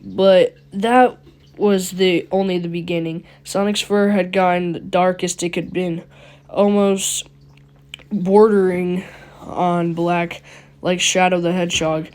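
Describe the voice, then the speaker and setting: A woman's voice: fairly low pitch, steady tone, slow pace, a little mellow. A woman reading a creepypasta casually, giggling and breaking off to comment on the story. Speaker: creepypasta narrator.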